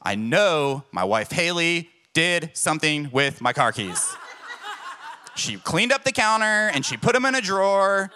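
A man's voice: fairly high pitch, very animated, unhurried, bright, forceful tone, clear, resonant tone. A man preaching a sermon, telling personal stories in an emphatic, self-deprecating way. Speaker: pastor.

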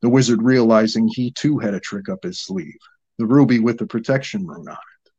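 A man narrating a fantasy story in a steady, measured reading. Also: mid-range voice, breathy edge, muffled recording.

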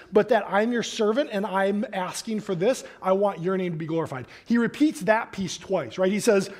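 A man preaching a sermon, reading scripture aloud and then explaining it in an animated, conversational way with casual asides. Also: sits high. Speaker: pastor.

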